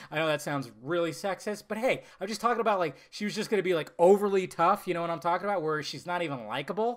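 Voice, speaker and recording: A man giving a casual, blunt film review, swearing freely and talking in an animated way. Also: sits high.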